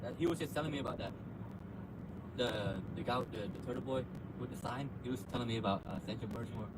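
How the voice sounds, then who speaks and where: A man's voice: medium pitch, quick pace. A man live-streaming outdoors outside a courthouse, chatting casually and complaining in loose slang about how cold he is. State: shivering cold. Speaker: livestreamer. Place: outdoors by a courthouse, street traffic. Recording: distant mic, loud outdoor traffic noise.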